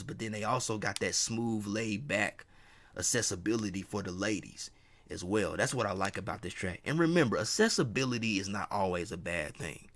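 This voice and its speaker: A man with a somewhat low voice talks through an album review in a loose, unscripted way. He gets enthusiastic, circles back over his points and peppers his talk with "man" and "you know.". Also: fairly bright tone. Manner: enthusiastic, repeats himself, says "man" a lot. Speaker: music reviewer. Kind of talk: casual album review monologue.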